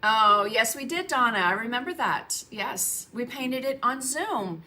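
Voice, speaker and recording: A woman with a fairly high, sharp-toned voice chats unhurriedly on her painting livestream from a home studio, her intonation lively. She greets viewers by name and laughs a lot, but keeps coughing from a frog in her throat.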